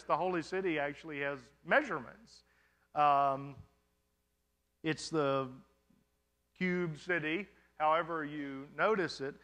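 A man's voice: fairly high pitch, fairly bright tone. A male pastor answering congregation questions in a sermon, talking conversationally and often checking in with "you understand?".

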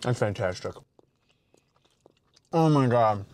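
A young man vlogging from his car, ranting and rambling in a profane, animated comedic monologue with sudden outbursts. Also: medium pitch, slow, background noise. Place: inside a car while driving.

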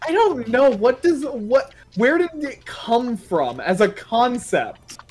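Relaxed gaming host, profane and giggly, mid-range voice. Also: medium pitch, slow. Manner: laughing, loose, swears a lot. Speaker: streamer. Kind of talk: casual chat while gaming.

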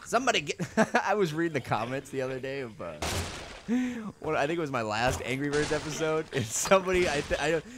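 A young man chatting his way through a game at home, his voice bouncing up and down as he rambles and suddenly yells. He sounds a bit high for a man, and a steady hiss of noise sits behind his home mic. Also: quick pace. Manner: goofy, rambling, bursts into loud yells. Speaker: gaming channel host. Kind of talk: let's play commentary. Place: home room.

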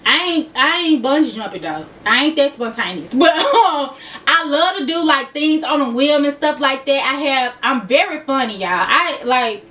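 Woman, 20s, Memphis accent, chatty, laughing, high-pitched. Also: animated, normal speed, bright, forceful tone, distant mic. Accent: Memphis Southern. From Memphis, Tennessee. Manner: chatty, laughing, addresses viewers as y'all. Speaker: YouTuber. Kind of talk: casual vlog chat.

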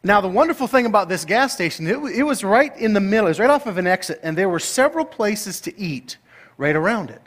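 A middle-aged man delivers a sermon as pastor, his voice sitting noticeably high. He tells stories playfully and climbs into excited outbursts. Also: fast talker. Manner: animated, playful storytelling that rises to excited, high-pitched outbursts.

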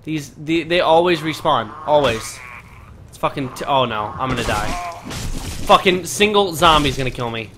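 A young man giving let's play commentary, excitable and panicky, swearing and trash-talking the enemies as he plays. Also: on the high side, normal speed, background noise. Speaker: gaming commentator.

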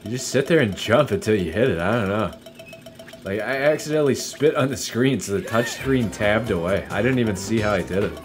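Lively young man swearing through gameplay. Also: fairly low pitch, brisk, over music. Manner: swears freely, laughs often, muses aloud. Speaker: let's play streamer. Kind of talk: casual gameplay commentary.

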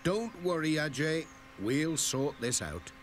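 A man's voice: on the high side, sing-song, slow, slight background noise. An actor voicing a cheerful, kindly village postman in a children's cartoon, chirpy and reassuring, with music playing behind.

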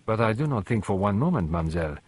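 A man voicing a shrewd elderly Belgian detective, speaking in a measured, formal way with words mixed in. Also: fairly low pitch, very animated, slightly rough, no echo. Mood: explaining.

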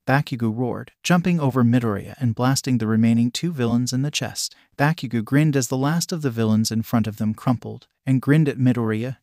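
A man's voice: mid-range voice, brisk, few pauses, a little mellow, dry recording. Man reading fan fiction, dry close sound. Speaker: narrator. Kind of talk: fan fiction read aloud.

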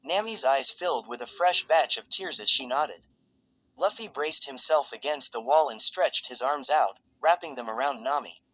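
A man narrates a piece of fan fiction in a steady, even read. His voice sits in a middle pitch with a bright, forward edge. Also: moderate pace, low-quality recording.

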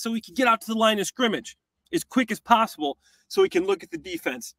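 Animated high-voiced man breaking down football. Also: fast, vocal fry, no echo. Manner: animated, acts out plays in quoted voices. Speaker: co-host, former tight end. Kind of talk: casual football breakdown chat.

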